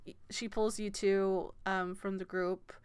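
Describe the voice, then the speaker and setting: A woman's voice: mid-range voice, level tone, unhurried, smooth. A woman running a tabletop game as game master, narrating with hesitant fillers. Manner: hesitant, many fillers, laughs often.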